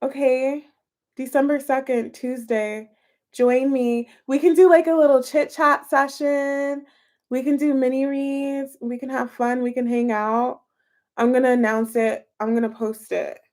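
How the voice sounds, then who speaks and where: Slow-talking, high-voiced woman chatting to her stream. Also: a little mellow. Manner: chatty and giggly, answering chat comments. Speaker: tarot reader live-streaming to chat. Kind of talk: casual live-stream chat.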